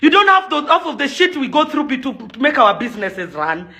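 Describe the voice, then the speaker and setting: Her voice is high-pitched, sing-song and sharp, moving a little fast. This young adult Kenyan celebrity and events promoter delivers an impassioned, angry rant to camera, alternating accusations with pleas and mixing Swahili phrases into English.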